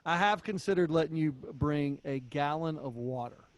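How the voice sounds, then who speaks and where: A man with a rather high voice talks casually on a podcast and teases his co-host. He laughs often. The sound is dry and close, with no room in it. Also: normal speed, dry recording. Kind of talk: casual chat.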